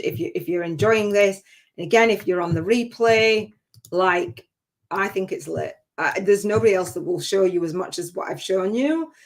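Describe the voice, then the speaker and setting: A woman running a long live-stream masterclass as a spiritual business coach, talking in an energetic, chatty, rambling and emphatic way. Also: mid-range voice.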